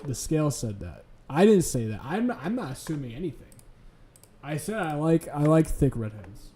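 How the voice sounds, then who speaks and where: A man's voice: a little high, sing-song, moderate pace, warm tone. A young man streaming late at night, rambling and swearing casually as he chats. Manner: rambling, profane, chuckling.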